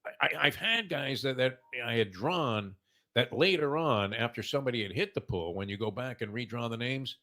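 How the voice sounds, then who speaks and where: Sixties male host, bright tense tone, meandering anecdotal delivery. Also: medium pitch, lively intonation, moderate pace. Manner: rambling storyteller, heavy "uh" fillers. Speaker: morning show host. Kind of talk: casual sports talk.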